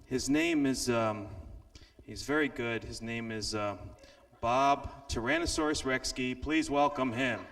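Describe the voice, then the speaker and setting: A man's voice: mid-range voice, fairly bright tone, pitched below the performer's own voice. A man putting on a bossy school principal. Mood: stern, scolding. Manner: scolding, threatening, halting. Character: stern middle-aged male school principal, bossy. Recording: echoey hall from far off.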